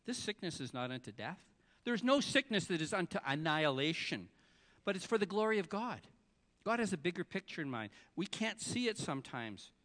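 A man preaching to a congregation, his voice sitting fairly high as he tells a story and builds to loud, emphatic lines before dropping to near whispers. The sound rings with long reverb from a large church hall. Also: very animated, a little fast. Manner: storytelling preacher, swinging from soft to loud, breaks into song. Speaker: pastor. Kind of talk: sermon.

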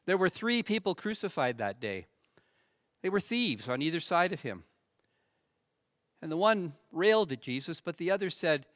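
A man preaching a sermon in an earnest way, swelling dramatically and then dropping to a hush. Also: high-pitched, very animated, moderate pace, long pauses, dry recording, clean studio sound.

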